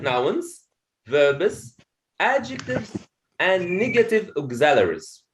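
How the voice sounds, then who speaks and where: A man teaching a pronunciation lesson to a classroom of students, explaining slowly, repeating each point and checking in with "okay?". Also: high voice. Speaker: English teacher.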